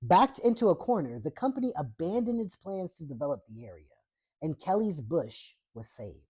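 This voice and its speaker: A woman's voice: deep voice, very animated, moderate pace, dark tone, husky. A woman host reading a book chapter aloud, breaking off for irreverent, profane asides.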